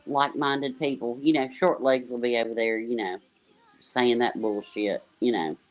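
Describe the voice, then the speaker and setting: A woman's voice: rumbling low, steady tone, normal speed. A woman joining a livestream panel as a guest, talking in a loose, rambling way with lots of filler words. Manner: rambling, full of "you know" fillers. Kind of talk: casual livestream chat.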